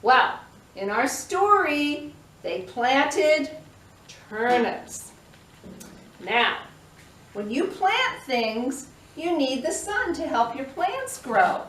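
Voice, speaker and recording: A woman telling a storytime tale to toddlers, an expressive storyteller who makes the animal noises herself. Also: high voice, very slow. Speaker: children's librarian. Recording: echoey room, mic at a distance.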